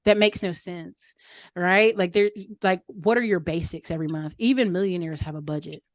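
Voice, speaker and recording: A woman's voice: lowish voice, normal speed, no echo, studio quality. A woman giving candid, chatty money and property advice, acting out the voices of people she quotes. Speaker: guest speaker answering questions. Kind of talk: casual advice talk.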